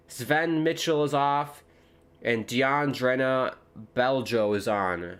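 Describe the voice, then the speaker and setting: A man in the middle of the male pitch range chats his way through a live football match from home. He jokes around and reads viewer comments aloud, then turns loud and excited whenever a shot nearly goes in. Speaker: streamer hosting a football watchalong. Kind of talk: casual live commentary and chat. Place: home with dogs nearby.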